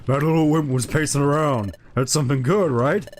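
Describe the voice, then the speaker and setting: A man's voice: on the high side, a little fast, a little hiss or hum, lightly acted. A man voicing a cocky male thief Pokémon in a video game, sneering and boastful. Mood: scheming.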